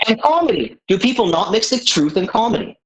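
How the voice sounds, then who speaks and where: A man's voice: high-pitched, sing-song, brisk, fairly bright tone, poor audio. A man in a heated argument, badgering the other speaker by repeating the same question. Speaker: debate guest.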